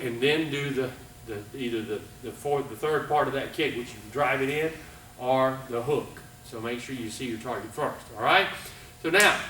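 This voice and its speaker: A middle-aged man teaching martial arts kicks on video, calling out commands loudly and checking in with "all right?". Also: a little high, slight background noise. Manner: calls out commands loudly and coaches with frequent "all right?" and "okay?". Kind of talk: teaching a kicking class on video.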